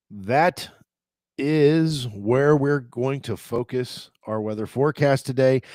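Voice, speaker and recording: A middle-aged man who hosts a casual travel show from home. He talks in a chatty, rambling way at an ordinary pitch, with plenty of fillers and asides. The sound is dry and close. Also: darkish tone, no echo. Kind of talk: casual daily travel update.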